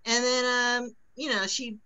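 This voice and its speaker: A woman's voice: on the high side, fairly even intonation, measured pace, bright, forceful tone, clear, resonant tone, muffled recording. A woman performing a stand-up comedy set before a live audience. She tells stories in a chatty way and laughs at her own jokes. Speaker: stand-up comic.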